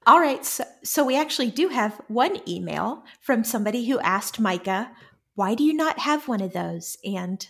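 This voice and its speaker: A woman's voice: fairly high pitch, lively intonation, moderate pace, vocal fry, a bit bright, slightly rough. A woman co-hosting a podcast in casual chat, dry and teasing. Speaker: podcast co-host.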